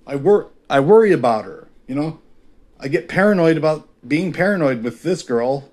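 A man's voice: on the high side, lively intonation, moderate pace, darkish tone. A man hosting his own podcast, talking alone in a frank, rambling way with constant swearing and fillers, often mocking himself. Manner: self-deprecating and frank. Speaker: podcast host. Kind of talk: confessional solo podcast monologue.

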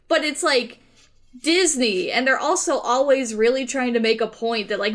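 Quick jokey woman podcast host. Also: on the high side, animated, a bit bright. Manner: fast, jokey, trips over words. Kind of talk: casual chat.

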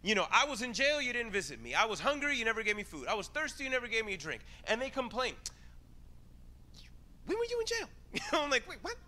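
A man preaching a sermon in a casual, animated way, acting out quick exchanges as he talks. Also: extremely high pitch. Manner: animated, conversational preaching, acts out voices. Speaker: pastor.

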